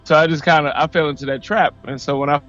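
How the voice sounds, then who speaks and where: A man in his forties from Missouri, a podcast guest telling a personal story in a lively, casual way and acting out what people said. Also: fairly high pitch, fast talker. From Missouri, USA. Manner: animated, acts out quoted dialogue. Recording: dull lo-fi audio with faint music.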